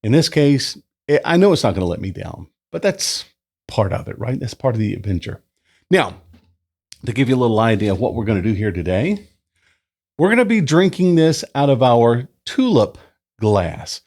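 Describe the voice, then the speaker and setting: A man's voice: normal speed, gravelly. A man hosting a casual beer review, chatting at home into a new microphone. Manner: chatty, relaxed, lively pitch. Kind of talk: casual review with read-out history segment. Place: indoors at home, summer. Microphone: new desk microphone.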